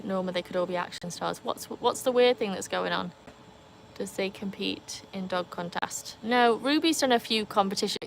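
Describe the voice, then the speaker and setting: Hosting a livestream beside an outdoor pool, a Welsh woman with a Welsh accent chats with viewers, reading out and replying to comments on her phone in a casual, chatty live conversation. Her medium-pitched voice is a bit bright, with a little hiss or hum in the recording.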